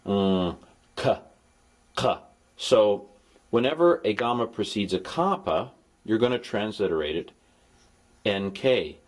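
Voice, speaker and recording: A man's voice: fairly low pitch, lively intonation, a little slow. A man recording a language lesson as a tutor, explaining patiently and dropping playful, jokey asides to his students. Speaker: Greek tutor.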